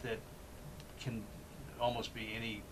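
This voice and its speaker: A man's voice: medium pitch, level tone, a little slow, slight background noise, poor audio. A man hosting a casual talk show, telling long rambling stories full of restarts. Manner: rambling anecdotes with many restarts. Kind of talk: casual chat.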